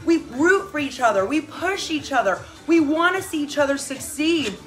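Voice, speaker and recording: A woman's voice: sits high, lively intonation, normal speed, faint music behind. A middle-aged woman coaching a live workout, cheering with enthusiastic whoops and motivating her viewers. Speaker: fitness coach.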